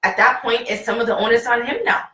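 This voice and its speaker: Bright-voiced woman hosting, roomy echo. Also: on the high side, steady tone, quick pace, recorded from a distance. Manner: leads the talk, poses questions, acts out scenarios. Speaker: host. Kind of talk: casual panel discussion. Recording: echoey room, off-mic.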